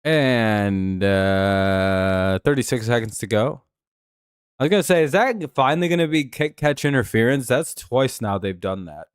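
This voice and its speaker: A man's voice: medium pitch, lively intonation, a little fast, dry recording. A man hosting a live stream, giving laid-back, dry play-by-play and chatting with viewers. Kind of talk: casual game-watching commentary.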